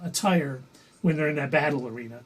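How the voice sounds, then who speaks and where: Chatty man with a slightly high voice. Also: fast talker, breathy edge, low-quality recording. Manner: chatty, loose, filler-heavy. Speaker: podcast co-host. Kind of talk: casual pop-culture chat.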